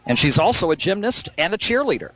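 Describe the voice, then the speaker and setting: High voiced guy doing radio play by play for a softball game, quick and keeps it moving. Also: poor audio. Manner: brisk, excited on big plays. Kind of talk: live sports play-by-play commentary.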